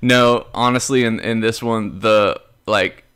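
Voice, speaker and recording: A young man co-hosting a podcast in casual chat, telling animated stories and acting out the people he quotes in a raised voice. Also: fairly low pitch, unhurried, a crowd in the background. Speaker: podcast co-host.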